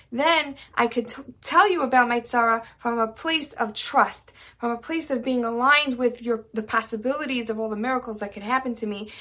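A woman's voice: fairly high pitch, a bit bright. A woman teaching a weekly class on the Psalms, talking earnestly and conversationally, mixing in Hebrew terms and building emphatic lists. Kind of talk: informal religious lesson.

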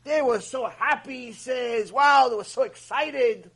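Husky, high-voiced rabbi telling a story. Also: male voice, measured pace. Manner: animated storyteller, sprinkles in Hebrew terms. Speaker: rabbi teaching an ethics lecture. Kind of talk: storytelling Torah lecture.

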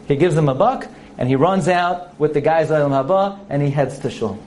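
A man giving an animated Torah class, asking rhetorical questions, using many Hebrew and Yiddish terms and acting out the characters in a story. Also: mid-range voice, fairly quick, slight background noise. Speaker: rabbi teaching a Torah lesson.

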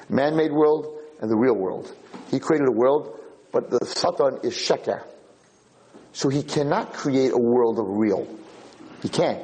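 This is a man delivering a Torah lecture in a mellow, rounded voice. He moves through the story with animated energy, voicing each character's lines and circling back over his own phrases as he goes. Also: mid-range voice, poor audio. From United States. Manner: animated storytelling with acted-out dialogue; repeats and restarts phrases.

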